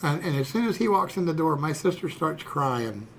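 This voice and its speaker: A man's voice: fairly high pitch, animated, normal speed, vocal fry, a little hiss or hum. A man in his sixties, a streamer telling a personal story in a rambling, folksy way, dropping "you know" and "okay" throughout. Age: 60s.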